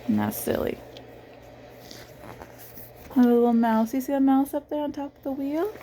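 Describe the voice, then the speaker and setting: A woman reading a picture book aloud to a child in a gentle, animated way, pausing to ask the child questions. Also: high-pitched, slight background noise. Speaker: reader of children's books.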